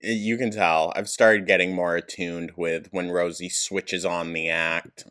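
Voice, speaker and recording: Deep-voiced man with mocking commentary. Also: level tone, a little slow, a bit bright, smooth. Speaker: reaction commentator. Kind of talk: sarcastic reaction commentary.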